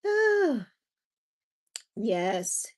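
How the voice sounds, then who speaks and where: A middle-aged woman with a slightly high voice and drawn-out words hosts a casual livestream. She's animated, reading viewer comments aloud and laughing a lot.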